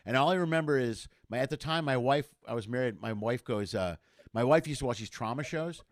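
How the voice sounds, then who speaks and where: Fast-talking man telling a story. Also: mid-range voice, dry recording, clean studio sound. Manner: animated storyteller, acts out quoted voices. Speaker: comedian guest. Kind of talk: casual storytelling chat.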